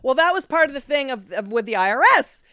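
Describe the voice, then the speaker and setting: Woman podcast co-host, casual emphatic chat, smooth clear voice, slightly high pitch. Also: animated, bright, forceful tone. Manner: emphatic, swearing, quick asides.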